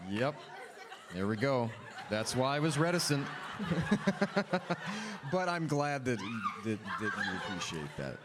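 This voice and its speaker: A man's voice: medium pitch, sing-song, a little slow, pauses often, a loud crowd, very noisy. A man speaking on a panel in front of an audience, laughing often and rambling in a self-deprecating way. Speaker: actor on a panel. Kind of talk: casual panel Q&A. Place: room with a live audience.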